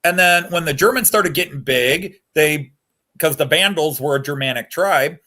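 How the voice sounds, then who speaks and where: A man's voice: fairly high pitch, moderate pace, bright, forceful tone. Regular guy rambling on a hobby chat, gets riled up about history stuff. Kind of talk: casual chat.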